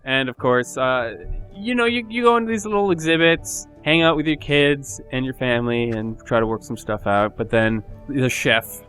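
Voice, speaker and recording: A man's voice: mid-range voice, animated, normal speed, hardly any pauses, fairly bright tone, faint music behind. Rambling casual podcast guy. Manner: rambling, filler-heavy plot recap. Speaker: podcast co-host. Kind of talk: casual chat.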